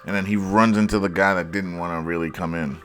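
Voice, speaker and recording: A man's voice: sits low, fairly even intonation, fast talker, fairly bright tone, soft background music. A man giving a casual, sarcastic breakdown of football plays, mocking the mistakes bluntly as he analyzes the film.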